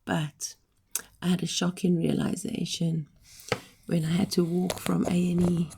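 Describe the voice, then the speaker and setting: A middle-aged woman chatting to camera while she recovers, her voice badly hoarse and heavily gravelly with fry. She sounds husky and a little low, runs short of breath and rambles along with apologetic asides. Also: little pitch movement, unhurried, warm tone. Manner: rambling, apologetic, frequent ums. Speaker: vlogger recovering from illness. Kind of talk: casual chat to camera.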